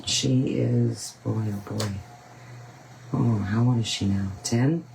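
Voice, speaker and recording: A woman's voice: rumbling low, slow, gravelly, warm tone, a little hiss or hum, poor audio. A woman hosting a painting tutorial, chatting casually and rambling with frequent ums. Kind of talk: casual chat while painting.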